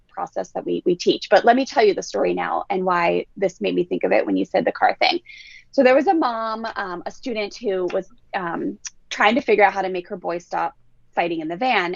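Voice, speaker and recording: A woman's voice: medium pitch, creaky, no echo, lo-fi sound. A woman parenting coach telling stories on a podcast, acting out children's voices as she goes. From Southern California. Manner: animated storyteller who acts out kids' voices. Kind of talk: podcast conversation.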